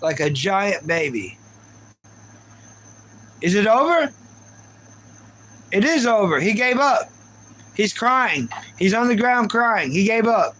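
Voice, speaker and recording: A man's voice: high voice, very animated, slow, pauses often, pushed and bright, rough recording. A man hosting a casual live stream, ranting in reaction and repeating himself while talking to his chat viewers. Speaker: livestream host.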